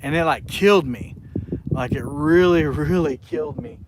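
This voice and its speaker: A man's voice: on the high side, moderate pace, background noise. A man from South Carolina chatting casually with his viewers while out fishing, rambling from one thought to the next. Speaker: fishing live streamer. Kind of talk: casual live stream chat while fishing. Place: outdoors by the water, fishing.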